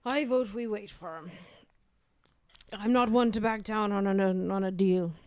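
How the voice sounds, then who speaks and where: A woman's voice: mid-range voice, unhurried, darkish tone, smooth, no echo, studio quality. A woman playing a tabletop game, speaking earnestly in character about keeping her word. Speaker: player.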